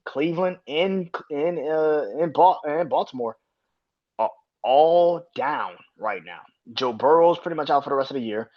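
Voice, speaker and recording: A man hosting a casual sports podcast, swearing freely and laughing between rapid opinions. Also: on the high side. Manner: profane, animated, laughs often. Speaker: podcast host. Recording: dull lo-fi sound.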